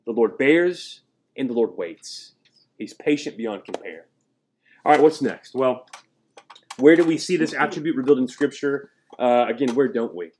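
A pastor delivers his sermon in a man's voice of ordinary pitch. He preaches emphatically, calling out questions for the congregation to answer. His voice climbs higher and louder whenever he drives a point home. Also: moderate pace, a little hiss or hum. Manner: pitch and volume rise sharply on key points.

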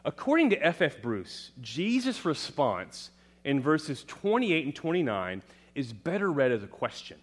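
A man delivering a sermon with a very lively, swinging pitch. He rises to loud, emphatic proclamations and sinks back to quiet low lines, often putting questions to the congregation and answering them himself. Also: measured pace, husky. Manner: dramatic, rising to loud emphatic proclamations then dropping low. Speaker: preacher.

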